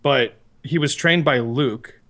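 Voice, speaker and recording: A man co-hosting a podcast in casual chat, animated and profane, who acts out movie lines with sudden loud yelps. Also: mid-range voice, slow pace. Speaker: podcast co-host.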